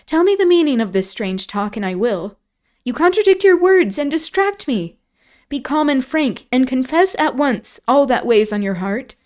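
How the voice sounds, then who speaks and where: A woman's voice: high-pitched, expressive, moderate pace, a little mellow, pitched above the performer's own voice. A woman voicing a spirited, proud young woman who speaks impatiently and with scorn, in a novel read aloud on a stream. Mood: urgent.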